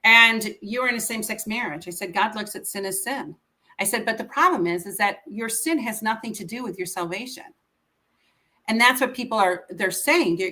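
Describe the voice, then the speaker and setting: A woman's voice: mid-range voice, pushed and bright. A middle-aged woman telling personal stories as an interview guest, earnest and emotional, acting out what others said. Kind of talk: personal storytelling.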